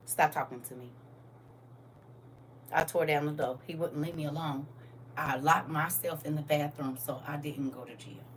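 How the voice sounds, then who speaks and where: A woman's voice: deep voice, fairly even intonation, normal speed, pauses often. A middle-aged woman hosting a live stream, telling blunt stories in casual talk. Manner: blunt, storytelling, scolding. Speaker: TikTok live host. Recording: distant from mic with faint noise.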